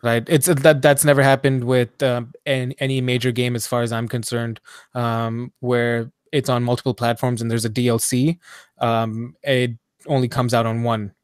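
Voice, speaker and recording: A man's voice: medium pitch, level tone, normal speed, smooth, dry recording, studio quality. A man co-hosting a casual gaming podcast, rambling and hedging with lots of ums as he thinks aloud. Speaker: podcast co-host.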